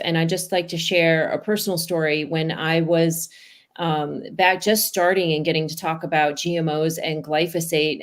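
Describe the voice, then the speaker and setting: Brief: female podcast host, lowish voice, earnest storyteller closing the show. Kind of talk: podcast wrap-up and personal story.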